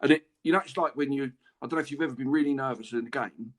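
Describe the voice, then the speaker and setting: English bloke rattling off football stories quick, laughs a lot. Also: male voice, medium pitch, a bit bright. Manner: chatty, laughs through his anecdotes. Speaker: podcast guest, former footballer. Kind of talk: casual storytelling interview.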